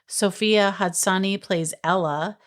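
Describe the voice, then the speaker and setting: A woman's voice: medium pitch, fairly even intonation, measured pace. A woman co-hosting a podcast in casual chat, reading out cast credits, chatty and giggly. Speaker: podcast co-host.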